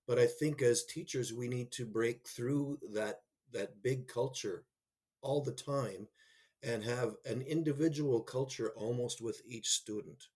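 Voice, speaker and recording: Husky-voiced middle-aged male storyteller. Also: medium pitch, unhurried, darkish tone. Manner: reflective storyteller, acts out quoted voices. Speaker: school leader. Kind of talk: roundtable discussion.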